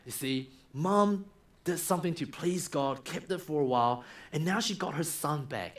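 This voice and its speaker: A man in a church, preaching a sermon by retelling a story and acting out its scenes. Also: on the high side. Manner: animated, acts out the story. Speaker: minister.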